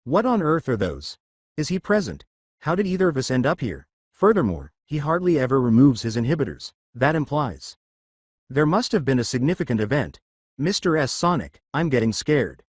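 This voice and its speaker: A man's voice: medium pitch, sing-song, breathy edge, dry recording, studio quality. A man reading as a timid little girl. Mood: scared. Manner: halting, nervous questions.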